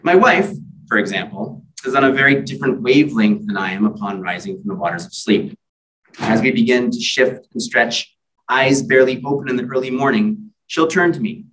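A man's voice: medium pitch, brisk, fairly bright tone. Wry male author reading from a distance. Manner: wry, self-deprecating, asides with fillers. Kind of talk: book reading at a library event. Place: library event room.

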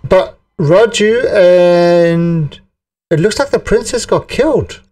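A male game streamer giving excitable, joking live commentary while he plays and laughs often. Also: high-pitched, slow, distant mic.

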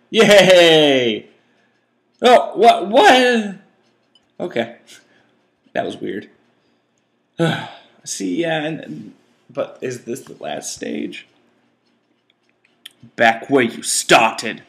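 A young man commentating a game he is playing, talking back at the screen and to his viewers. His voice is gravelly, and he gets easily frustrated. His pitch bounces around a lot. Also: very animated, slow, long pauses, fairly bright tone. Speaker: gaming channel host. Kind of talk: casual let's-play commentary.

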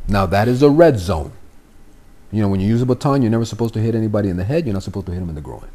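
His voice runs on the low side and absolutely races. He's a middle-aged man from Miami, of Cuban family, guesting on a podcast and swapping casual stories full of swearing, lively energy and acted-out voices.

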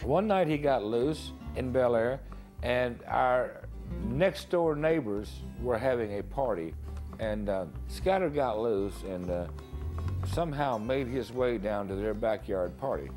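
A man in an interview tells a lively anecdote, picking up speed as he goes. His voice is mellow and relaxed. Faint music sits under his voice. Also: medium pitch, unhurried. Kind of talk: anecdotal storytelling.

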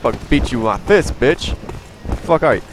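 A young man giving profane, excitable let's play commentary with yelling outbursts. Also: medium pitch, normal speed. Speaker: gamer. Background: game music and gunfire.

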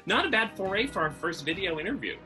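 A man's voice: sits high, sing-song, fast talker, sharp tone, faint music behind. A man from Massachusetts hosting a podcast, chatting casually over a video call and wandering into self-deprecating tangents. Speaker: podcast host.

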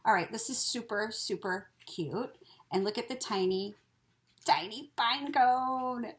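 A woman's voice: a little high, measured pace, a bit bright, low-quality recording. A woman chatting casually as she opens craft mail, gushing and giggling with frequent exclamations. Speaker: crafting vlogger opening mail. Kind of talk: casual unboxing chat.

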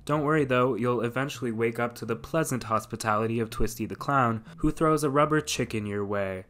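A man's voice: medium pitch, a little fast, fairly bright tone. A man narrating a scripted video essay, with dry sarcastic asides.

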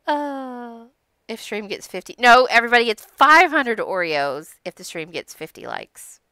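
Slow-talking playful young woman streamer. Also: on the high side, very animated, bright, forceful tone, clean tone, dry recording. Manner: giggly, playful, teasing. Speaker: streamer hosting a game role-play. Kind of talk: casual gaming stream chat and storytelling.

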